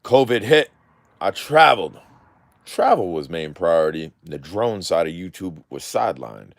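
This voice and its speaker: A man's voice: low voice, big pitch swings, measured pace, dry recording. A man talking candidly in a live stream, using slangy street speech with clipped words, rambling and swearing freely. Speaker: drone video creator. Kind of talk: casual live-stream chat.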